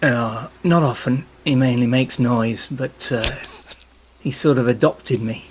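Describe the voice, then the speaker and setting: A man's voice: mid-range voice, a little slow, a little hiss or hum. A man narrating a tabletop game as game master, rambling with fillers.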